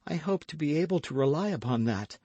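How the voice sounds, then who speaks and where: A man voicing an anxious young wife, high and soft. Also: lively intonation, brisk, no echo. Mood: reproachful. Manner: soft reproachful pleading. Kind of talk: audiobook character voice.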